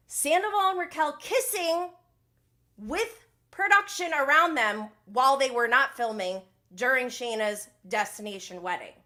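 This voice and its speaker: Chatty woman with a bright voice. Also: high voice. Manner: chatty, animated, gossipy, reads comments aloud. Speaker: podcast host. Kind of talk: casual live recap chat.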